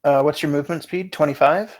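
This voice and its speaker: A man's voice: a little high, brisk. A man running a tabletop game as game master, matter-of-fact and asking about the rules.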